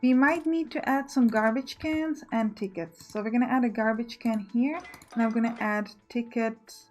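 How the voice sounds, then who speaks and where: Let's play host, female, higher voice, musing and self-correcting, soft music behind. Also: moderate pace. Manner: thinking aloud, self-correcting. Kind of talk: casual gameplay commentary.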